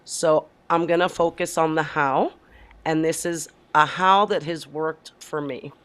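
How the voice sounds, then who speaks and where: A woman taking her turn on an online panel, getting straight to the point in a purposeful way. Her voice is smooth and clear, with a resonant ring to it. She speaks plainly and keeps the talk practical. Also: sits low, steady tone, measured pace. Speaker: panel guest.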